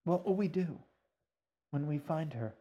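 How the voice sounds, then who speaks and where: A man's voice: on the high side, animated, unhurried, dark tone, dull audio, pitched above the performer's own voice. A man reading a story aloud, voicing a frightened young girl in a strained, pleading way. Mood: anxious.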